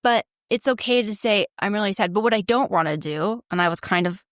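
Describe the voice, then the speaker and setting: A woman's voice: mid-range voice, brisk, no echo, clean studio sound. A woman co-hosting a podcast, telling a story in a casual chat and acting out what people said. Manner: animated storyteller, acts out quotes. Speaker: podcast co-host.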